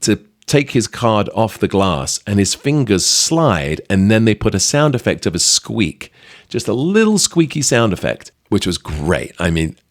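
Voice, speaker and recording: A middle-aged British man hosting a podcast, chatting lively through a behind-the-scenes anecdote with plenty of fillers. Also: fairly low pitch, a little slow, no echo, studio quality. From Britain. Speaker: podcast host. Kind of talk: storytelling anecdote.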